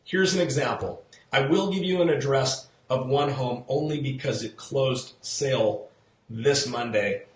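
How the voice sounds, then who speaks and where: A man talks through the local housing market on a live stream, chatty and engaging, pausing to greet viewers and quiz them. His voice sits at an ordinary middle pitch, with a roomy echo around it. He repeats key numbers for emphasis. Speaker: real estate agent hosting a live show. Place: outdoors in the sun.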